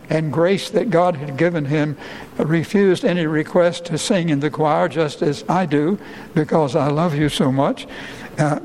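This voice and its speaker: A male pastor preaching a sermon, his voice rising and slowing when he quotes people crying out. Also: darkish tone, in a large hall, a little hiss or hum, poor audio. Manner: rises in pitch and slows for quoted cries.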